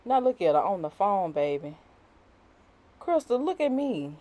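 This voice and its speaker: A young woman talks over a wig install tutorial in a casual, off-the-cuff voiceover. Her speech is loose and slangy, packed with fillers, and she keeps slipping into giggles and nervous apologies. Her pitch sits right at an ordinary middle level. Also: very animated, moderate pace. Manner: slangy and chatty, with frequent "you know" and "y'all". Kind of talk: casual, unscripted voiceover narration.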